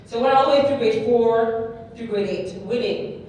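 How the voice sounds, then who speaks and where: A woman giving a keynote speech, telling her story in a lively way and often checking in with the audience. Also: on the high side, normal speed, a little hiss or hum. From Canada. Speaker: keynote speaker. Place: large hall before an audience. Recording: echoey hall, mic far off.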